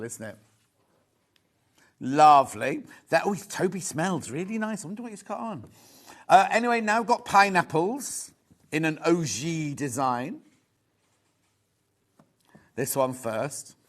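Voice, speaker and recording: A man's voice: fairly high pitch, a bit bright. Chatty Yorkshire man selling fabric. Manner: chatty, gushing, full of asides. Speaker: shopping channel presenter. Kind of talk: live TV sales chat.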